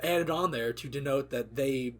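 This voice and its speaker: A man's voice: mid-range voice, normal speed. A man co-hosting a podcast in casual chat, slipping in dry joking asides. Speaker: podcast co-host.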